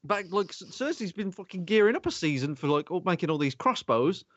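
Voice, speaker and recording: A man, hosting a podcast in casual chat, animated, sweary and rambling. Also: sits high, a little fast, no room sound. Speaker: podcast host. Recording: dull lo-fi sound.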